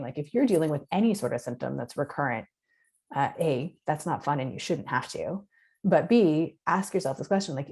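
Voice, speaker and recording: A woman clinician explaining her approach in a podcast interview, earnest and direct, her voice going hoarse as she talks. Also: low voice, darkish tone. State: losing her voice. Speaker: concussion clinician guest.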